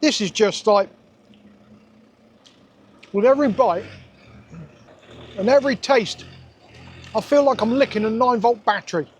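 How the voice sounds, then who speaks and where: A man's voice: high-pitched, measured pace, long pauses, a little hiss or hum. A man reviewing takeaway food in a casual vlog, sarcastic and exasperated.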